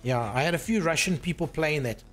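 A man talks to his stream in a high, bouncy voice that swoops up and down. He teases and swears as he tinkers with gear. Soft music plays quietly behind him. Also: animated, fairly quick. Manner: loose, swearing, teasing chatter while tinkering with hardware. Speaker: live streamer. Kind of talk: casual live-stream chat.

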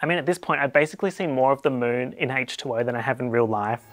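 A man's voice: mid-range voice, fairly even intonation, fast, music in the background. An Australian man hosting a comedic explainer video, talking in a playful, wry and sarcastic way. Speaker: YouTube host.

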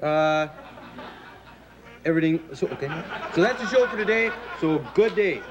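A man rambles through a sketch, stringing every thought together with "like" and "eh". His voice sits a bit high. The old TV audio is dull and carries a faint hiss. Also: animated, moderate pace. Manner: dopey, rambling with constant "like" and "eh". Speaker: sketch comedy show host. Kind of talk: scripted sketch comedy.

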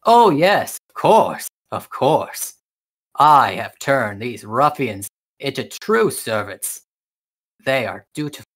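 A man's voice: medium pitch, sing-song, takes it slowly, fairly bright tone, heavily acted. A man voicing a smug, pompous knight who boasts and fawns.

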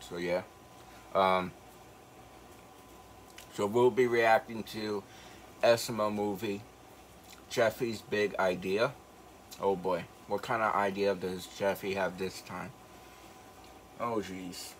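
A man's voice: lowish voice, fairly even intonation, slow pace, long pauses, slight background noise, low-quality recording. A teenage young man with a slight retainer-affected speech impediment, chatting casually in a rambling, hesitant way. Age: late teens. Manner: rambling, hesitant, lots of fillers. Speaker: video reactor. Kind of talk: casual chat.

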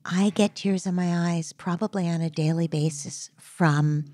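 A woman guest speaking in a podcast interview in a slow, reflective and halting way. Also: lowish voice, fairly even intonation, dark tone. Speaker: guest, parenting psychologist. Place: Brooklyn brownstone.

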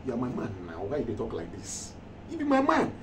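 A man's voice: mid-range voice, wildly swooping pitch, fast, a crowd in the background. A man with a Nigerian accent playing a broke man who stammers as he pleads with a friend. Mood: pleading. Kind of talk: comedy skit acting. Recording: echoey room, far-off mic, background noise.

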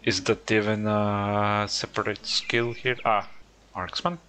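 A man gives casual let's-play commentary on his own gameplay, coaxing and teasing the on-screen characters over game music. His voice is fairly low and level but pushed and bright, and he takes it slowly. There's slight background noise.

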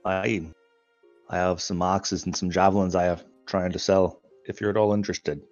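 A man's voice: deep voice, level tone, normal speed, dry recording, dull audio, faint music behind, close to an everyday voice. A man voicing a polite, cash-poor dwarf traveler with a put-on Scottish-style accent, saying aye and mayhap. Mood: polite, dry. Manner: old-fashioned speech with aye and mayhap.

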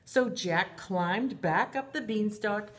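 A woman's voice: mid-range voice, takes it slowly, slight background noise. A woman teacher reading a storybook and leading a lesson for young children, speaking expressively in a sing-song way and calling herself by name in the third person. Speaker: preschool teacher.

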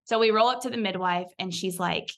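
Speaking a little fast in a medium-pitched, somewhat bright voice, a young woman on a podcast shares a personal story. She's chatty, full of "like," and acts out the voices she quotes.

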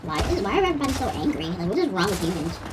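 A woman's voice: fairly low pitch, sing-song, very fast, background noise. A woman voicing a grumpy, foul-mouthed pit bull puppy playing a shooter game, whining and complaining as she plays. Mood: grumbling. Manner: whiny, cursing, complaining. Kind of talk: gaming commentary in character. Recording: distant voice under loud gunfire.

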